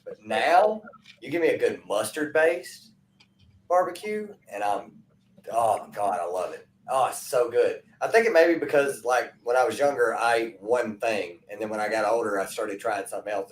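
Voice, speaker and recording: A man's voice: fairly low pitch, moderate pace, reverberant, slight background noise. A man in casual chat who tells stories animatedly. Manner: animated storyteller, acts out quotes. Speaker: podcast co-host.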